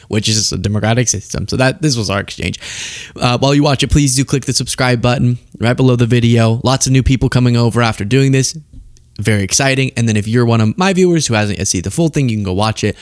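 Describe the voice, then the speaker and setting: A young man hosts a political commentary show, talking straight to camera in an exasperated, animated way and often laughing mid-rant. His voice sits at medium pitch, and the audio is studio quality with no echo.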